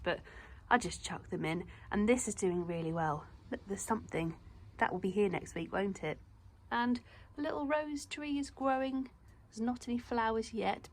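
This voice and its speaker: Chatty woman vlogging at home. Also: medium pitch. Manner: chatty, talks straight to viewers. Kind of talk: casual vlog chat. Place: home and garden greenhouse.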